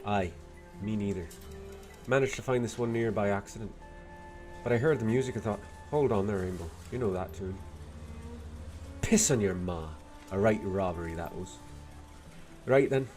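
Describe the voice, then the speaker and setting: A man voicing a tough, blunt Irish woman in a video game, with a put-on Dublin accent carrying a Scottish lilt and a rough, salty way of talking. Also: on the low side, normal speed, pauses often, darkish tone, faint music behind, close to an everyday voice. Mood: brusque. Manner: gruff, salty, rough-spoken.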